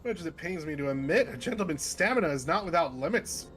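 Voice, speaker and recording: A man reading game dialogue aloud as a pompous gentleman inspector who is a grandfather, grandiose and declamatory. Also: on the high side, lively intonation, fast talker, faint music behind, poor audio. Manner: grandiose, old-fashioned and declamatory.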